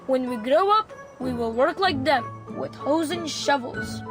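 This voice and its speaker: Bold game kid, high voice, loud music behind. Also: female voice, expressive, measured pace. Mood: eager. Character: bold, eager young village child.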